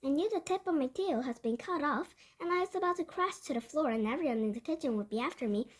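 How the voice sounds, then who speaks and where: Reading a children's novel aloud in the first person, a woman with a high, light voice moves at a quick pace. Her delivery has a lively storytelling lilt, though she occasionally stumbles and starts a phrase over.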